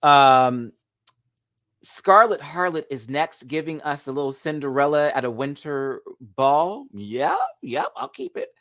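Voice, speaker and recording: A man hosting a live video review, gushing and excitable, chatting to viewers and laughing often. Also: fairly high pitch, takes it slowly. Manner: chatty, talks back to viewers' comments. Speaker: host reviewing a TV show.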